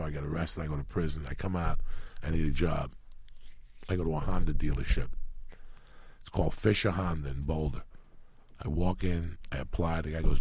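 A man from New Jersey, a comedian guest, telling a profane story loudly and animatedly, acting out the voices of others. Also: a bass voice, breathy edge, no room sound. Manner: loud, swearing, animated, re-enacts voices.

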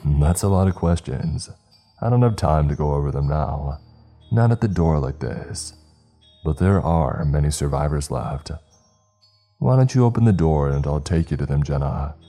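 A man's voice: a bass voice, animated, moderate pace, dark tone, soft background music, exaggerated voice. A man voicing a sinister stranger at the door who coaxes the others in with a smile. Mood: coaxing. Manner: smooth, coaxing.

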